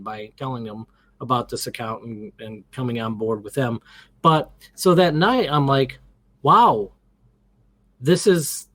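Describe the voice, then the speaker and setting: A man's voice: medium pitch, no echo. A middle-aged man as an interview guest, telling a story casually and animatedly, acting out the quotes and restarting his sentences often.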